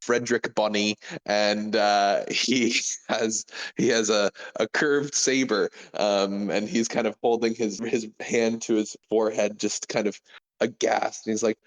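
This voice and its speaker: A man describing his character at a tabletop game, halting often with fillers. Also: on the low side, steady tone, a bit bright, poor audio. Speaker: player.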